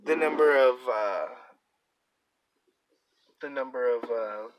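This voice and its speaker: A man's voice: mid-range voice, slow, low-quality recording. A young man hosting a podcast, telling a story in casual, profane chat and acting out the people in it. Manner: animated storytelling with swearing and acted-out quotes. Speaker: podcast host.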